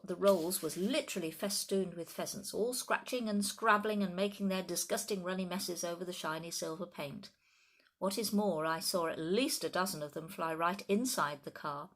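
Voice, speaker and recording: A woman narrating a children's book in an expressive, lively way. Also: fairly low pitch. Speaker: audiobook narrator. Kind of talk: storybook narration.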